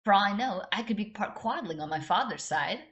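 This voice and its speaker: A woman's voice: mid-range voice, lively intonation, brisk, fairly bright tone, highs cut off, pitched above the performer's own voice, natural voice. Elphaba, read by a woman, earnest and clipped. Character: green-skinned young woman, proud and intense.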